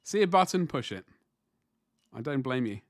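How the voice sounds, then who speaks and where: A man's voice: medium pitch, big pitch swings, normal speed, dry recording, clean studio sound. A man in his forties chatting casually on a livestream while painting miniatures, rambling and self-deprecating as he answers chat. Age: 40s.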